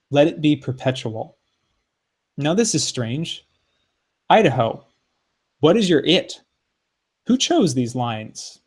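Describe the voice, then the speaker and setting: Man reading poetry expressively on a podcast. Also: mid-range voice. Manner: expressive reading aloud with playful asides. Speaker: podcast co-host.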